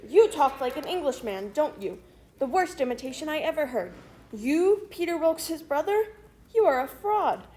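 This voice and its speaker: A woman's voice: high-pitched, lively intonation, fairly quick, darkish tone. A woman voicing a blunt, accusing male town doctor in a storybook reading. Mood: angry.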